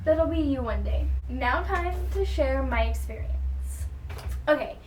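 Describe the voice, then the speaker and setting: A woman from Texas telling a long, excited fan story on her vlog, rambling with lots of "like" and "um" fillers. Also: sits high, measured pace, a little hiss or hum. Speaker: vlogger. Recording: roomy sound with the mic at a distance.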